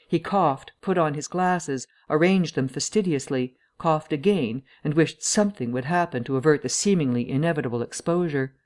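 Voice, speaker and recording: Low-pitched lady reading an old novel out loud, calm and measured. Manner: measured storytelling, shifts voice for each character. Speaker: audiobook narrator. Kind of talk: scripted narration.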